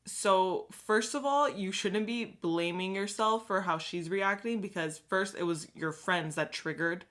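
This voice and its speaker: A woman's voice: mid-range voice, a little slow, fairly bright tone. A woman co-hosting a casual podcast, giving supportive advice and laughing often. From Canada. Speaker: podcast co-host.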